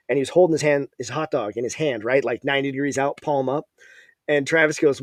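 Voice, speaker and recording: A man's voice: mid-range voice, fast, no room sound, clean studio sound. A man hosting a podcast, telling a rambling, profane story in casual chat. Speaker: podcast host.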